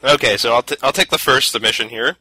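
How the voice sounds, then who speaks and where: A man's voice: medium pitch, fast talker, sharp tone, slightly rough, no room sound, poor audio. A man hosting a casual podcast, easygoing and laughing often as he reads out listener submissions. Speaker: podcast host.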